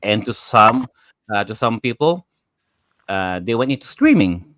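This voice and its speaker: Low-voiced hesitant male host, dry sound. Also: sing-song, a little slow, fairly bright tone, no echo. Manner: hesitant, many filler sounds. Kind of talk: casual panel chat.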